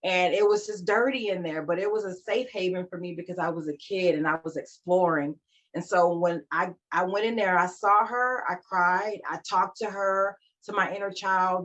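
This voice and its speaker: A woman in her forties, a life coach, talking about her life as a podcast guest, animated and emphatic. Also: lowish voice, moderate pace. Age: 40s. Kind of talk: casual interview chat. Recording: slightly dull lo-fi sound.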